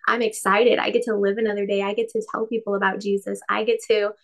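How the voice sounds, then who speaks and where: A woman's voice: medium pitch, flat delivery, fast talker. A woman in her thirties co-hosting a casual faith podcast, chatty, laughing often and acting out quotes. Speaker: podcast co-host.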